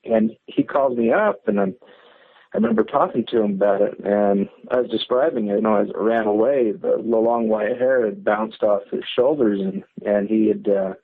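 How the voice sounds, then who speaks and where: A man's voice: fairly low pitch, normal speed, gravelly, slightly rough. A man calling in, telling a story in a rambling, casual way, full of fillers and restarts. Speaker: caller. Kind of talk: casual storytelling on a call-in show. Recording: tinny phone line.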